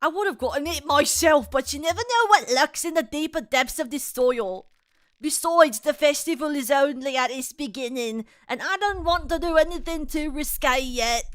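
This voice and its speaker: Smug scheming man with a hammy put-on British accent, voiced by a woman streamer. Loud and showy. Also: high voice, no echo, voice pushed up, close to an everyday voice. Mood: sly, smug. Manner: theatrical, sly, drawn-out lines. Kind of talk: reading game dialogue aloud in a voice.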